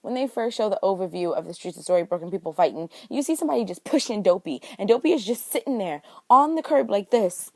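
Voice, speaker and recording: A woman's voice: mid-range voice, animated, quick pace, few pauses, warm tone, no echo. A young woman vlogger talking through a TV episode recap in a casual, chatty way, full of slang and playful drama. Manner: chatty, dramatic, slangy, acts out scenes in quoted voices. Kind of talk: casual animated recap chat.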